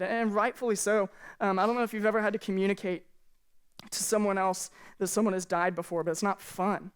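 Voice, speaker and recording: A woman's voice: medium pitch, steady tone, fairly quick, clean tone. A woman pastor giving a sermon from a church stage, earnest and conversational, speaking candidly to the congregation.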